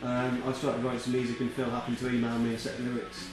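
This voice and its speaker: A man's voice: mid-range voice, monotone, quick pace. A young man from England giving casual, jokey commentary on his band's album, swearing and laughing often. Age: young adult. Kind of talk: casual chat. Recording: echoey room with music behind.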